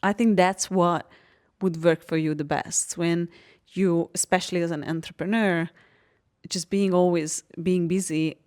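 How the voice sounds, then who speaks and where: A woman from Hungary talks openly in a relaxed podcast conversation. Her voice sits a little low, and she tells stories with animation, often breaking into laughter. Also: a little slow. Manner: animated storytelling, laughs often, frank and expressive. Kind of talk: casual podcast chat.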